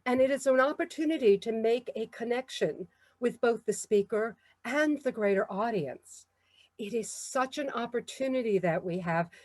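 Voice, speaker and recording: A woman with a New York accent giving a measured, encouraging talk on public speaking. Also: fairly high pitch, darkish tone, dry recording. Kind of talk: instructional talk.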